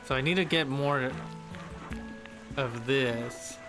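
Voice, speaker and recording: A man chatting casually while he plays, reading on-screen text aloud with playful asides. His voice sits in a middle pitch, and game music runs clearly beneath him. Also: slow. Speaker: streamer. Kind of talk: casual gameplay commentary.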